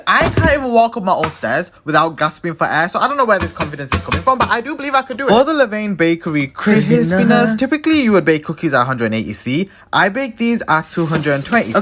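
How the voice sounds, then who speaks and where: A man's voice: fairly high pitch, a bit bright, slight background noise. A young man narrating his own cooking videos in a casual, playful way, cracking self-mocking jokes as he goes.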